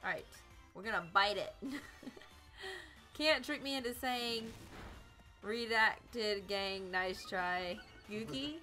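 Faint music plays behind a young South Carolina woman on a live game stream, who speaks slowly in a sharp-toned, mid-range voice and pauses often. She comments on the game in a bubbly, giggly way and chats with her viewers.

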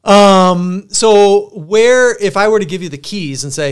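Young male podcast host, smooth upbeat voice, rambling casual questions. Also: high-pitched, normal speed, hardly any pauses. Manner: animated, laughing, rambling questions. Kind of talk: casual interview chat.

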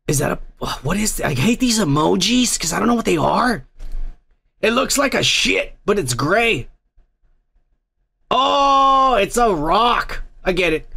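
Profane gravelly man hosting a livestream. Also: sits high, bright, forceful tone. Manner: profane, rambling, blunt. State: drinking. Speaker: host. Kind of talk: casual livestream chat reading chat messages.

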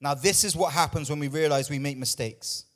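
A man's voice: a little high, brisk. A man preaching a sermon in church, emphatic and repetitive, at times out of breath. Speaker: pastor.

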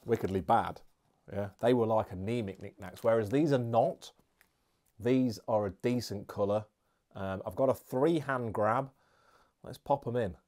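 A man's voice: lowish voice, unhurried, darkish tone. A man reviewing beer and snacks in a casual, chatty, jokey vlog with rambling asides.

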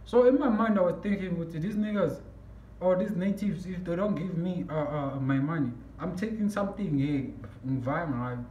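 A man telling a story on his vlog, animated and excitable, breaking into shouts, recorded in an echoey room. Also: on the high side, normal speed. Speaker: vlogger. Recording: echoey room, mic at a distance, faint background noise.

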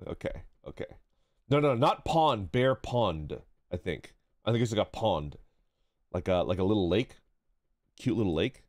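A man's voice: lowish voice, animated, measured pace, long pauses, no room sound, studio quality. A young man chatting casually on a livestream, swearing freely and reading chat aloud. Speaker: streamer. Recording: background music.

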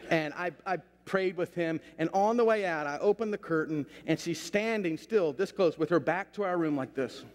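A man's voice: on the high side, moderate pace, few pauses. A middle-aged male pastor telling a story in a sermon, with a folksy, anecdotal way of talking and bursts of stronger preaching emphasis. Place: church sanctuary. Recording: long hall reverb of a church sanctuary.

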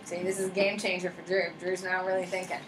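A woman's voice: on the low side, completely flat delivery, quick pace. A woman teacher giving a casual, joking classroom lecture and often saying "like". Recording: roomy classroom echo with faint noise.

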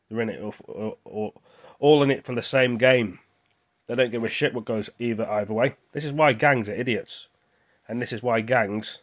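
A young British man talking with his mouth full, venting in a rambling, indignant casual vlog. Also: on the low side. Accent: British English. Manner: rambling and indignant, with restarts and repeated words. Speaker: vlogger.

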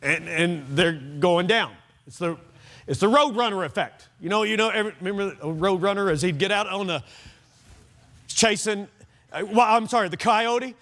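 A male pastor preaching an evening sermon in a church, animated and conversational, asking the congregation questions. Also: sits high, normal speed. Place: church sanctuary.

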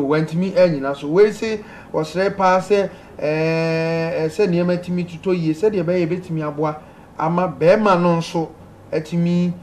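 A man hosting a call-in advice show, reading out listener messages in a lively way and laughing often. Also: fairly high pitch, slight background noise. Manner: lively, laughing, pleading with callers to speak.

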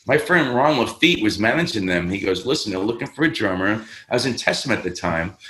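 A streetwise Bronx drummer, swearing freely and slipping into the voices of the people in his stories. His voice is bright and forceful. The room around him is roomy and echoing. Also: on the low side, lively intonation, a little fast. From New York, the Bronx. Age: 50s. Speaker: guest drummer. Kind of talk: casual storytelling interview.

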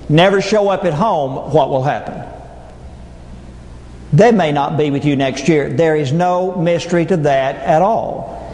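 A man's voice: on the high side, a little mellow. A middle-aged man, giving a humorous motivational keynote with folksy stories and punchlines. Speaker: motivational speaker. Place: large hall before an audience. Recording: echoey hall with long reverb.

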